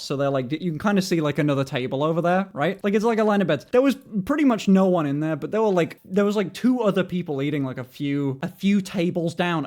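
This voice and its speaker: A streamer in their twenties from England with an English accent, ranting and swearing to stream chat in a casual way, often climbing into indignant shouts. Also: mid-range voice. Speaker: livestreamer.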